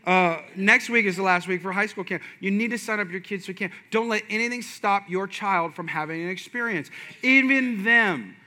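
A man's voice: sits high, fairly quick, few pauses, pushed and bright. A man in his thirties preaching a sermon with passion and energy, mixing in folksy asides. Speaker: pastor.

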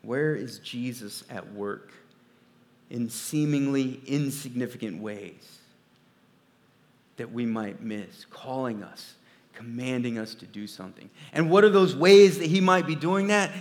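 A man preaching a sermon as pastor, swinging from quiet, low asides to loud, emphatic peaks. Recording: long reverb of a large hall.

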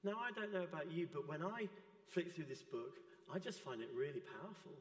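A man preaching a sermon in a church, gentle and earnest. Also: a little high, lively intonation, fairly quick, roomy sound, big-room sound. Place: church hall.

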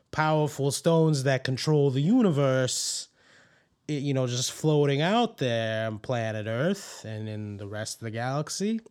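A man with a cold and a sore throat, ranting excitably about far-fetched conspiracies on a comedic podcast. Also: a little high. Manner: excitable, ranting, earnest mock-conspiracy talk. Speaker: podcast co-host playing a conspiracy theorist. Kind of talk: comedic improvised podcast bit.

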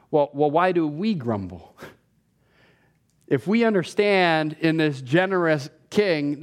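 A man preaching a sermon, animated and repeating words as he starts phrases, rising in pitch when he voices others' complaints. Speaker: pastor.

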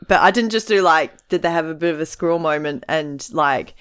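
A woman's voice: low-pitched, brisk. A woman with an Australian accent, co-hosting a podcast in casual chat and telling stories that act out the dialogue. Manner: animated storyteller, acts out dialogue. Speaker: podcast co-host.

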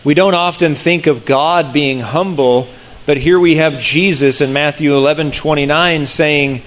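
A man preaching a sermon in an earnest, conversational way, often restarting phrases and slowing down to stress key words. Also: fairly high pitch, fairly even intonation, fairly bright tone. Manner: earnest, with frequent restarts and slowed emphasis. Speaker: pastor.

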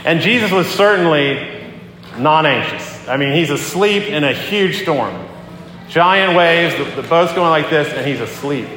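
A man preaching a sermon as a pastor, talking in a conversational, animated way as he tells a story and acts out the quotes. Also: a little high, a little slow. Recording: echoey hall with long reverb.

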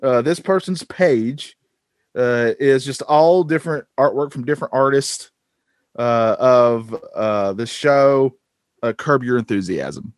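A podcast co-host with a mid-range voice takes his time, chatting casually and rambling with lots of fillers and false starts. The sound is studio quality, without any echo.

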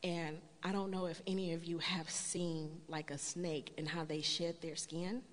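A woman telling her personal story to a church congregation in an earnest storytelling way, building to a loud, emphatic appeal. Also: lowish voice, little pitch movement, measured pace, hardly any pauses. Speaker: church speaker sharing testimony. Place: church sanctuary. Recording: long hall reverb.

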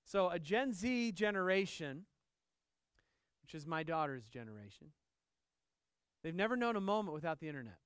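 A man's voice: a little high, normal speed, long pauses, clear, resonant tone, dry recording, clean studio sound. A middle-aged male pastor preaching a sermon, emphatic and repetitive, often asking the congregation questions. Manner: emphatic, repeats key phrases, asks the congregation questions; acts out dialogue in lively voices.

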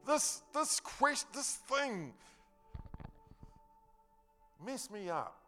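A man's voice: very high-pitched, very animated, slow pace, sharp tone, faint music behind. A man preaching a sermon, telling the story earnestly and emphatically in a loose, conversational way with casual slang.

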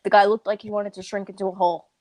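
Speaking as an interview guest, this Long Island, New York woman is earnest and talkative, breaking into quick laughs during the casual chat; she uses a wheelchair. Her delivery is flat and medium-pitched with a darkish tone, captured in a dry recording.

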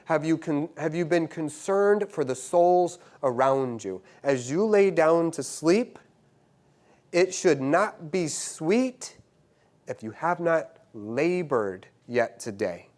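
A man preaching a sermon, swinging between loud exclamations and hushed, quiet stretches, often repeating himself as he builds a point. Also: fairly high pitch, expressive, takes it slowly. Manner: repeats words and restarts phrases. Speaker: university teacher.

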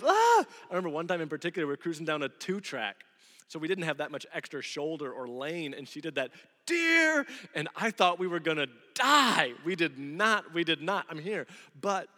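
Male pastor, 30s, fairly high voice, lively sermon storyteller, reverberant church. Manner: animated storytelling, acting out quoted voices. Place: church sanctuary. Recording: long hall reverb.

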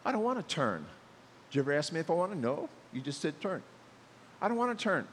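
A middle-aged male pastor preaching a sermon in a lively way, acting out the voices he quotes. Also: fairly high pitch, fast, long reverb tail, a little hiss or hum.

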